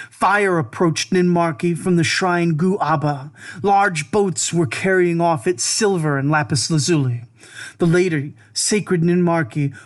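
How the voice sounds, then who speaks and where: Brief: male narrator, slightly higher voice, grave and deliberate recitation of an ancient lament.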